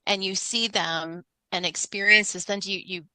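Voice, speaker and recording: Eager bright-voiced woman co-host. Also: mid-range voice, steady tone, moderate pace, smooth, no echo, poor audio. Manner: eager, piles up several questions at once. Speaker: podcast co-host. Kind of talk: casual interview chat.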